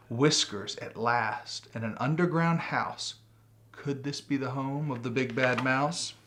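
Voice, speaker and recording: A man reading a rhyming picture book aloud with a rhythmic, expressive delivery. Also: mid-range voice, a little slow. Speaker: storybook reader.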